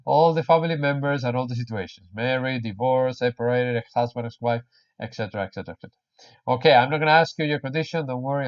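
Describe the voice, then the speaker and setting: Animated man teaching English online. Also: mid-range voice, lo-fi sound. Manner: animated, jokey, repeats words for learners. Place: home or small room in Spain.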